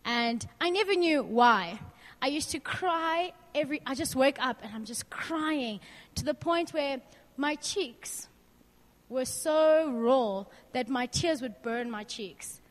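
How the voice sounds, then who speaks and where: High-voiced young woman speaking in a reverberant hall. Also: animated, slow. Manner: chatty, asks the room questions, personal and candid. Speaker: youth speaker. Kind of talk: informal faith talk to a group.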